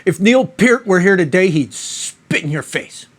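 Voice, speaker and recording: A man's voice: sits high, lively intonation, measured pace. Mock-outraged man reviewing a beer. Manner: mock-outraged, rambling, profane. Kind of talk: casual beer review monologue.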